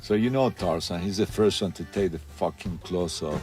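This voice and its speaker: A low-pitched man tells a wild story with blunt profanity and animated energy. Faint music runs under his voice, and his delivery is loose and conversational, like a documentary interview. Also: moderate pace.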